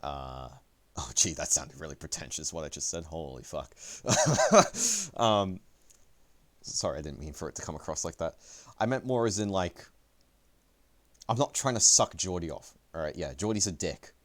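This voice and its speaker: Deep-voiced man rambling on a livestream. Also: animated, moderate pace. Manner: rambling, profane, self-deprecating. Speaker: esports player and streamer. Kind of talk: livestream commentary.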